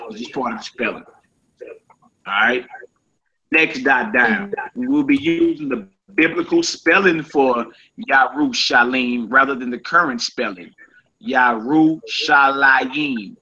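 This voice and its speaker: A man teaching a casual Hebrew vocabulary lesson, saying each word slowly and repeating it, with relaxed slang asides to his listeners. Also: medium pitch. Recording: dull lo-fi sound.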